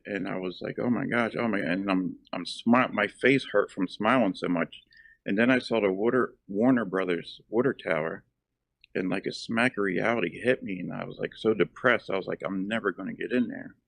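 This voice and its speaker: Low, gravelly middle-aged man chatting. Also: no echo. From South Jersey, USA. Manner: rambling, lots of ums and uhs. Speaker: actor and former firefighter, guest. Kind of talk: casual interview chat.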